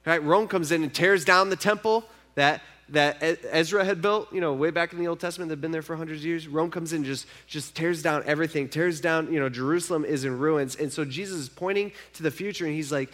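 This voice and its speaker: Man, pastor, sermon, somewhat high voice, conversational, shifts between hushed and emphatic. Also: fairly quick.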